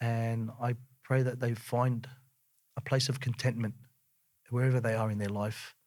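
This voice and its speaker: A middle-aged man with an Australian accent, telling a personal story as a guest, earnest and more animated when he recounts scenes. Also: mid-range voice, moderate pace.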